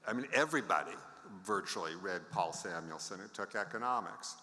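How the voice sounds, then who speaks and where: A man's voice: deep voice, animated, brisk, bright, forceful tone. A man in his seventies giving a conference talk, telling anecdotes with wry asides to the audience. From United States. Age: 70s. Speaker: conference speaker. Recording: long reverb of a large hall.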